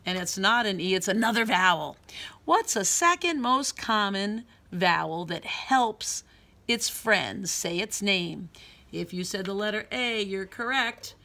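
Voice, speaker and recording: A woman preschool teacher leading a phonics lesson for young children, sounding out letters slowly in a sing-song way. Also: medium pitch, bright, forceful tone.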